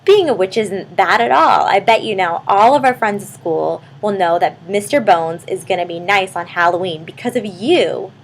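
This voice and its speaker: A woman's voice: mid-range voice, animated, moderate pace, creaky, few pauses, slight background noise, low-quality recording. A woman voicing a cheerful little girl who reassures her friend in a told story. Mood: encouraging.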